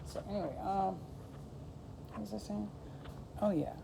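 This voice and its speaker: A woman talks casually to her camera in a rambling, laid-back way, with frequent "like" and "you know" as she drifts between thoughts. Her mid-range voice has vocal fry and a slightly slow pace, against a noisy background.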